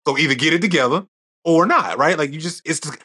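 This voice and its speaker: A man's voice: on the high side, fast talker, sharp tone, slightly rough. A middle-aged man as a podcast guest, telling stories in casual conversation and acting out quoted dialogue.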